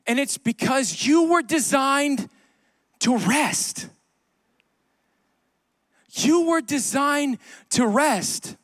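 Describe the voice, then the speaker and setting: A man's voice: very high-pitched, animated, very slow, long pauses, a bit bright, no room sound, studio quality. A man preaching a sermon to a congregation in church, conversational, with joking asides and repeated key lines. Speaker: pastor. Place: church sanctuary.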